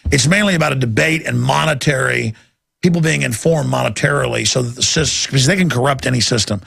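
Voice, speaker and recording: A man's voice: medium pitch, quick pace, gravelly, fairly bright tone, breathy edge, dry recording, studio quality. A man hosting a talk show, giving emphatic, rambling, impassioned commentary. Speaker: show host.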